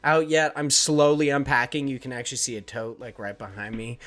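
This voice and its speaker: A man's voice: mid-range voice, level tone, a little fast, fairly bright tone. A young adult man hosting a casual podcast from an echoey room in his new house, talking in a rambling way with lots of fillers and swearing. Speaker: podcast host.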